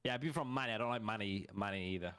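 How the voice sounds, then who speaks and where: A man's voice: lowish voice, racing, fairly bright tone, smooth. A man from the UK chatting casually during a game, blunt, teasing and opinionated. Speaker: streamer's friend. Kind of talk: casual gaming chat.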